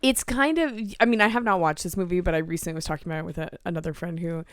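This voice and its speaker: Give me a woman co-hosting a podcast in easy casual chat, quick to laugh. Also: on the low side, no echo. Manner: chatty, laughs easily, bright customer-service lilt. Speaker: podcast co-host.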